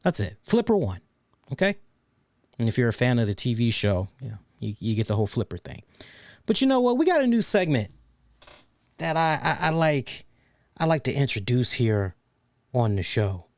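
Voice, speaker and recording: A man hosting a wrestling review show speaks in a mid-range voice at moderate pace, leaving long pauses. His casual rant is animated, sarcastic and full of swearing, with phrases repeated for emphasis, and there's no echo.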